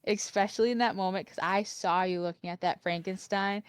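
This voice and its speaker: A woman's voice: medium pitch, steady tone, a little fast, clean tone, dry recording. A woman co-hosting a podcast in casual chat, laughing and teasing her co-host.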